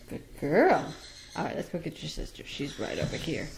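A woman who breeds parrots, talking casually at home to viewers and cooing to her baby birds in a sing-song voice with soft laughs. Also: deep voice, very animated, a little fast, gravelly, a little hiss or hum. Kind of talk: casual chat to camera and baby-talk to birds.

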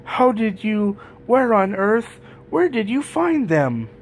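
Guy doing squeaky excited storybook elves, quick and eager. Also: slight background noise. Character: excited little male elves.

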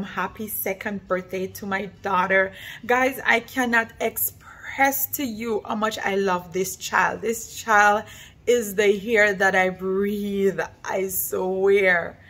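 A woman's voice: mid-range voice, fairly bright tone. A young woman vlogging about her daughter, gushing and heartfelt, repeating herself and laughing through tears. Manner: gushing and heartfelt, many repetitions. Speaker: vlogger, mother. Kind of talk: emotional casual vlog talk.

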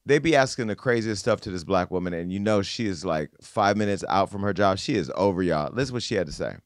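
A man's voice: low-pitched, expressive, quick pace, dry recording. Sassy man hosting gossip talk, dry sound. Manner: sassy, playful, talks straight to the audience. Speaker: host. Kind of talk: casual commentary on celebrity news and politics.

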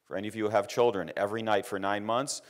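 During an engineering lecture, this middle-aged man talks fast in a fairly low, fairly even voice. His telling of a personal anecdote is full of repeated words, and he quotes other people by raising his voice.

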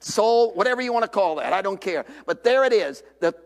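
An older man preaches a revival sermon, his voice sitting unusually high. He swings from ringing shouts down to near whispers, and the church sanctuary gives his words a long, lingering reverb. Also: lively intonation, brisk, creaky.

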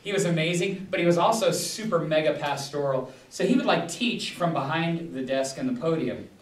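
A man with a fairly high, expressive voice, a pastor, runs a Bible study at a moderate pace. His casual teaching rambles and digresses, with frequent restarts and filler words. The room echoes and the mic is placed at a distance.

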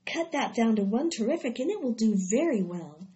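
A wise female barn spider speaks calmly and precisely, as a woman reads her aloud. She sounds fairly high and in charge. The recording is dull and lo-fi. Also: brisk. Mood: firm.

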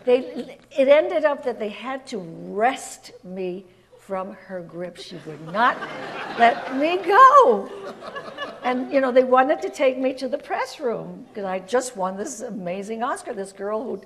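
An older woman from Puerto Rico, a guest telling lively stories in an interview and laughing often. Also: a little high, measured pace, a crowd in the background. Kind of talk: anecdotal storytelling in an interview.

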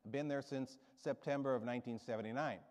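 This guest preacher, in his 70s, speaks fast at a medium pitch with a steady, darkish tone. His sermon is rousing and emphatic, broken up by stories, and the church sanctuary gives it a reverberant sound.

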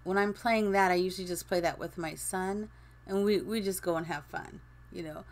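A woman's voice: lowish voice, normal speed. Casual woman streamer in her fifties, rambling and laughing as she plays. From Phoenix, Arizona. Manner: chatty, rambling, laughs often. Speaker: streamer and game builder. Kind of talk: casual chat while gaming.

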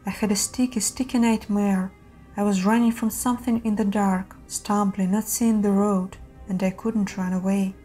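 Mellow woman narrating horror stories. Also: medium pitch, fairly even intonation, moderate pace, soft background music. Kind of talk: scripted horror story narration.

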